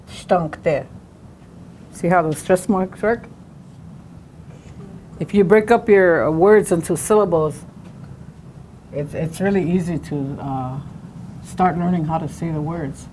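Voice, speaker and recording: A woman teaching a class at a slow, patient pace, breaking words into syllables and drawing each one out. There is a faint hiss of noise behind her voice. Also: fairly low pitch, a little mellow. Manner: slow, drawn-out syllable-by-syllable pronunciation. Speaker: language teacher. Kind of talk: classroom language lesson.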